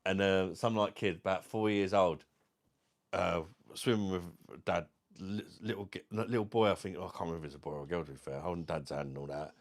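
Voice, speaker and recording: A man's voice: sits low, normal speed. A man in his thirties telling rambling personal stories in casual chat, swearing freely and often checking in with his listener. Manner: keeps saying "do you know what I mean". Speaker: beer review vlogger.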